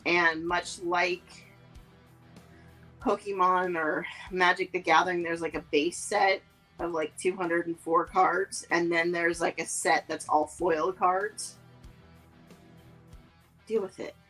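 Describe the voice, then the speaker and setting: Rambling woman with a low voice. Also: steady tone, takes it slowly, long pauses, a bit bright, soft background music, poor audio. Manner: rambling, filler-heavy, lots of "like" and "um". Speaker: podcast co-host. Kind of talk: casual chat.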